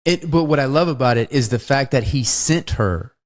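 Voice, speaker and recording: Male podcast co-host, mid-pitched, animated delivery, swerves into acted movie lines. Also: moderate pace. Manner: animated, acts out movie lines in big shifting voices. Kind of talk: casual film discussion.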